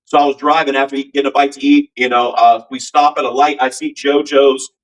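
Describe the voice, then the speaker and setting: A male rock singer talking as a podcast guest, earnest and rambling, with lots of filler words. His pitch sits in the middle range. He sounds somewhat distant from the microphone. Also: flat delivery, brisk. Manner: rambling, earnest, many "you know"s. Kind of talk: casual storytelling interview.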